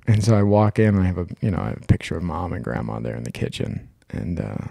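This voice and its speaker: A man's voice: deep voice, very animated, fast talker, creaky, mellow, no room sound. A man co-hosting a podcast, telling a long personal story in casual chat, rambling and swearing freely. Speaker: podcast co-host.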